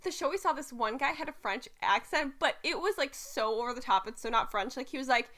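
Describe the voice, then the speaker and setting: A young woman co-hosting a podcast, her voice high and bright. She tells stories playfully, teasing and laughing as she goes, in a relaxed conversational way. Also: fairly quick. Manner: playful, joking, laughs while telling stories. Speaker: podcast co-host. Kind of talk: casual chat.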